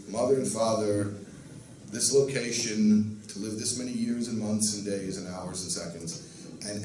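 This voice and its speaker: A man's voice: lowish voice, darkish tone. Male rabbi, earnest teaching voice, Yiddish-laced lecture, distant roomy recording. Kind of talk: Torah lecture. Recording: roomy, distant mic, faint noise.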